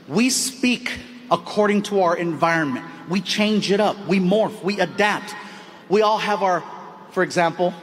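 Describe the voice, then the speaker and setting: A stand-up comedian on stage, animated and playful, slipping into voices and bits of slang. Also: male voice, high-pitched, a little hiss or hum. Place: large theater stage with audience. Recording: live hall, crowd laughter.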